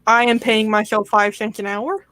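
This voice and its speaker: A woman's voice: a little high, flat delivery, moderate pace, fairly bright tone. A woman chatting casually on a hobby livestream with a dry, joking manner.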